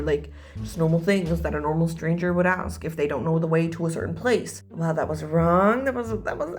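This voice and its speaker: A young woman telling a story in a casual vlog, animated and jokey with dramatic asides. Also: low-pitched, fairly quick, soft background music.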